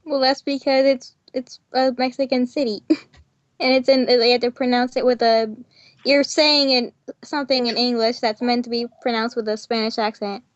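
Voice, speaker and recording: A woman's voice: on the high side, flat delivery, moderate pace, dry recording. A teenage girl chatting casually on a podcast, full of "like" and "um" as she talks. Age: teens. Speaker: student, podcast co-host. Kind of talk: casual chat. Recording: dry, muffled lo-fi recording.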